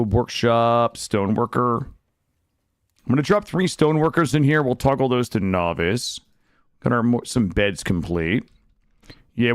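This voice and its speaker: A man's voice: mid-range voice, clean tone, no echo, clean studio sound. A young man casually commenting on his game for viewers, cursing freely and chatting to his audience. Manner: animated, swearing, chatting to viewers. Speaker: streamer. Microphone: studio desk mic.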